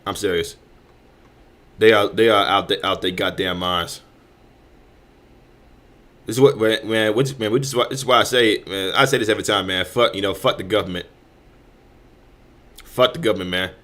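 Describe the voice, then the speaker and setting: A man's voice: lowish voice, steady tone, moderate pace, pauses often, fairly bright tone. A man hosting a show, delivering heated commentary full of restarts, repeated words and swearing. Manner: heated, repetitive, stammering restarts with frequent profanity. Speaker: host. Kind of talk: ranting commentary.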